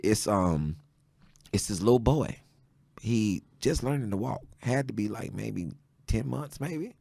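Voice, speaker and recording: A man from Houston, a stand-up comedian guesting on a podcast, telling stories in an animated way and building up to shouted punchlines. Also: lowish voice, a little slow, creaky, no echo. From Houston, Texas. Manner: animated storyteller who rises into shouted punchlines. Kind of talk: casual chat, comic storytelling. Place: podcast studio.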